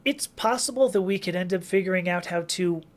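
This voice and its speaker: A woman's voice: on the low side, a little fast. A woman hosting a casual livestream Q&A, chatting and reading viewer comments aloud with frequent laughs and restarts. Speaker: livestream host answering chat questions.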